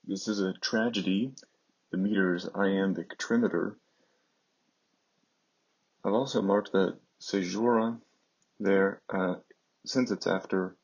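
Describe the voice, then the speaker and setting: A man teaching a classics lesson, speaking slowly and haltingly over on-screen text, with many fillers. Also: low-pitched, slightly rough, muffled recording.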